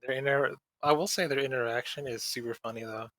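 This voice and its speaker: A man's voice: medium pitch, fairly even intonation, quick pace, fairly bright tone, no room sound, rough recording. Rambling slangy man, dry close sound. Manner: rambling, slangy, mimics characters in exaggerated voices. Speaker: podcast co-host. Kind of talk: casual podcast chat.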